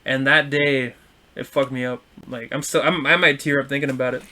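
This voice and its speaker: A young man co-hosting a podcast, telling a story in a loose, animated way, swearing and acting out what people said. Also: medium pitch, fairly quick, a crowd in the background. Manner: animated, swearing, acts out quotes. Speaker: podcast co-host. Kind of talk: casual storytelling chat.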